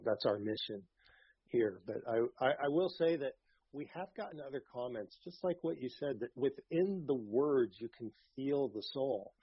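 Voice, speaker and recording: Male guest, mid-pitched and husky, hesitant storyteller, dry muffled sound. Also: dry recording. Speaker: guest, author. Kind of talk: casual interview chat. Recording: dull lo-fi sound.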